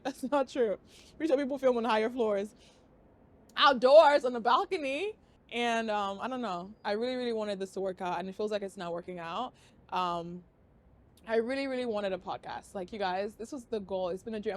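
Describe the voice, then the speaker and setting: A young woman from Africa hosting her own podcast, talking casually and openly to camera, swinging from loud excitement to quiet earnestness. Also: mid-range voice. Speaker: podcast host. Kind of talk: casual confessional talk to camera. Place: outdoor balcony.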